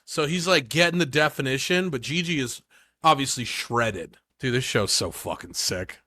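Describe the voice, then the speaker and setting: A man in casual podcast chat, with a bright, tense edge to his voice and a dry, close sound. He talks emphatically and swears freely. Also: medium pitch, lively intonation, normal speed, no echo. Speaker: podcast co-host.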